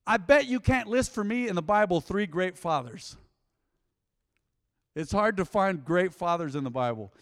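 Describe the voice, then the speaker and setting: Middle-aged male pastor, high voice, lively conversational sermon delivery, long church reverb. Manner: animated, conversational preaching with asides to the congregation. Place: large church auditorium.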